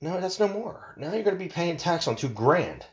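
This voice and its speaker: Animated man ranting with lively pitch. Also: normal speed. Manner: animated, profane, rambling storytelling. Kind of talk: casual ranting monologue.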